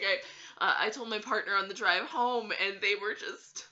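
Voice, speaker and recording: A woman's voice: mid-range voice, animated, moderate pace, pushed and bright, muffled recording. A woman telling a story in a casual vlog, giggly and hesitant, with plenty of fillers.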